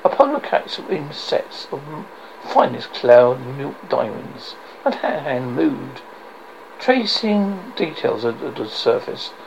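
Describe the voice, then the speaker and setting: Guy reading a book extract, dramatic, gravelly voice, lively pitch, slightly muffled hissy recording. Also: takes it slowly. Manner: dramatic, uneven with slips and restarts. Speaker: reader.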